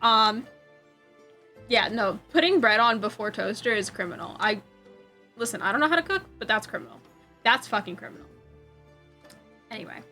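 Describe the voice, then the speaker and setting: A young woman streamer chatting casually while crocheting, telling a rambling story, swearing freely and getting animated when she quotes people. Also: a little high.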